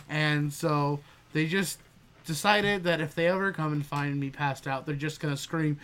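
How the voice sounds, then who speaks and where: Animated storytelling man, fairly high voice. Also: normal speed, a little hiss or hum. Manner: animated, swears freely, laughs at his own story. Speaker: podcast co-host. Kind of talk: casual storytelling.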